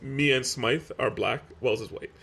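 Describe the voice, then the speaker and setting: A man's voice: medium pitch, unhurried, vocal fry, fairly bright tone, a little hiss or hum. A man co-hosting a casual podcast, jumping in often and laughing a lot. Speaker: podcast co-host. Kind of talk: casual chat.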